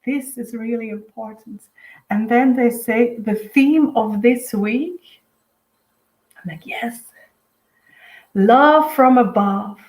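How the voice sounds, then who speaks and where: A woman with a Dutch accent, a native Dutch speaker, giving a live spiritual reading in a dreamy, halting way with many fillers. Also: on the high side, darkish tone, roomy sound, low-quality recording. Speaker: intuitive medium giving a weekly reading. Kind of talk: live-streamed spiritual reading, casual chat.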